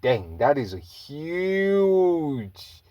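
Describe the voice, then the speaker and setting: A man voicing an excited teenage boy who asks question after question in awe. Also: fairly high pitch, extremely slow, dry recording, dull audio, voice pushed up, exaggerated voice. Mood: awed.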